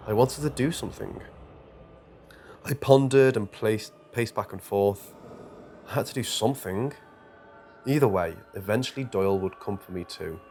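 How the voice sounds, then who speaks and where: A man's voice: fairly low pitch, normal speed, pauses often, a little hiss or hum. Man narrating a horror story. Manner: dramatic, tense storytelling. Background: quiet music.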